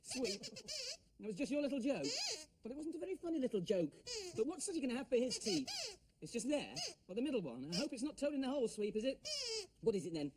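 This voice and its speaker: A man's voice: extremely high pitch, very animated, quick pace, a crowd in the background. Playful man hosting children's TV. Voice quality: playful, laughs at his own jokes. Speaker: children's TV host. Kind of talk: children's TV presenting.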